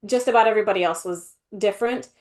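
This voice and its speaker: A woman co-hosting a podcast in casual chat, animated and full of fillers, often acting out quotes. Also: mid-range voice, fast talker. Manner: animated, acts out quotes in voices, many fillers. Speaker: podcast co-host.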